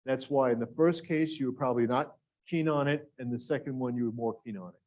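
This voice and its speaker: Leading a live grant writing workshop in a classroom with both in-person and remote attendees, a man lectures engagingly and poses questions to his audience. He talks quickly in a medium-pitched, darkish voice.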